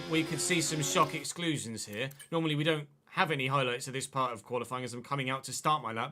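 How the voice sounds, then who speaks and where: A man's voice: fairly high pitch, sharp tone. Chatty English man streaming a game. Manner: chatty, thinking aloud, conversational. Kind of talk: live gameplay commentary and chat.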